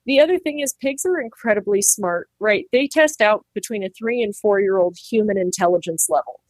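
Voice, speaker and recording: A woman's voice: medium pitch, a little fast, dry recording. A woman who trims pig hooves, chatting animatedly in an interview and acting out quoted voices. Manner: animated, acts out quoted voices, laughs easily. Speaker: farrier and pig trimmer. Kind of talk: casual interview talk.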